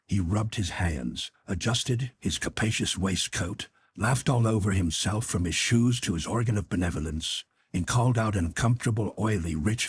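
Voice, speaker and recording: A man narrating a classic novella as an audiobook with expressive storytelling. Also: lowish voice, a little hiss or hum. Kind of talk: scripted narration.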